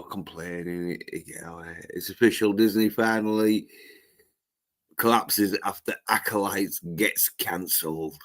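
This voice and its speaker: Guy ranting on his livestream, swears a lot, slow, keeps restarting. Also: low voice. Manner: profane, ranting, halting with restarts. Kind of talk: solo livestream rant.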